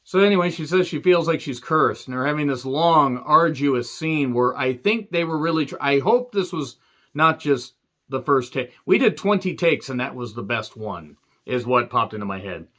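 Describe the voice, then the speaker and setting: A man's voice: mid-range voice, animated, normal speed, a bit bright, lo-fi sound. A man giving a sarcastic, rambling movie review rant full of asides.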